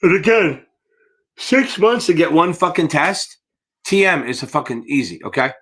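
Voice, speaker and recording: A man's voice: fairly high pitch, big pitch swings, moderate pace, fairly bright tone, slightly rough. A man tutoring students for securities exams on a live Q&A stream, blunt and profane and tired from yawning, calling his viewers baby. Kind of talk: live Q&A stream, casual teaching.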